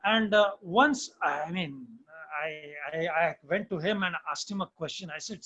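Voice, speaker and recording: A man's voice: high voice, measured pace, hardly any pauses, bright, forceful tone, husky, poor audio. A man, telling stories in an online lecture and often asking "huh?" of his listeners. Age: 60s. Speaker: management professor.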